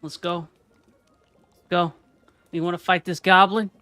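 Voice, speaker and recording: A man with a high, bright voice gives playful commentary on his own card game as he streams. He talks slowly and to himself, and soft music plays behind him. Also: level tone, dry recording. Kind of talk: casual gameplay commentary.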